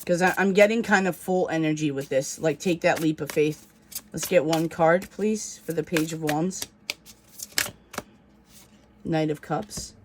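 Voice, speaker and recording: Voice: mid-range voice, unhurried, pauses often, noisy background. A casual tarot reader who rambles, backtracking and filling gaps with "um" and "like." The talk is slangy and loose, with a swear word here and there and a mid-range voice. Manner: rambling, filler-heavy storytelling with many restarts. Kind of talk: casual tarot reading video.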